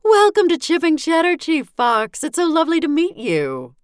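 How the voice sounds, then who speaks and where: Woman doing a gushing, flirty high-pitched mother. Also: wildly swooping pitch, normal speed, dry recording, studio quality, exaggerated voice. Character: flirtatious, pushy middle-aged mother.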